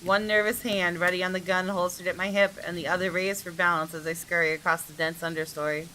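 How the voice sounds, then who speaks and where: A woman's voice: on the low side, level tone, quick pace, pushed and bright, slight background noise, low-quality recording. A woman reading aloud the first-person narration of a tense young man in a visual novel, in her own voice without putting on another.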